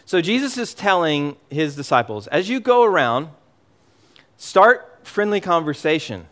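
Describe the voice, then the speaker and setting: Animated man preaching a sermon. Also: fairly high pitch, measured pace. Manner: animated, emphatic preaching with frequent repetitions. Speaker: pastor.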